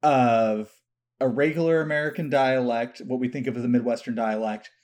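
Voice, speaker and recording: A man speaking at an ordinary mid pitch, co-hosting a casual podcast chat. He lays out his points step by step and adds a dry, sarcastic edge. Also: steady tone, moderate pace, darkish tone. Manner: explanatory, dryly sarcastic. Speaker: podcast co-host.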